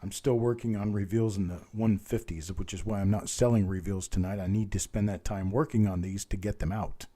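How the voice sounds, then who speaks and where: A man hosting a live-streamed coin auction, calling bids quickly and chatting with viewers by name, his voice a little strained from talking. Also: on the low side, fairly even intonation, dark tone. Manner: rattles off bid calls fast, chats with viewers by name.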